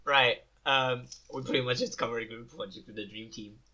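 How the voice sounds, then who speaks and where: A young man co-hosting a casual podcast, laughing often, swearing and telling stories in loud put-on voices. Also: mid-range voice, steady tone, a little fast, a crowd in the background. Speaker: podcast co-host. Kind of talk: casual chat. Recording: dull lo-fi sound.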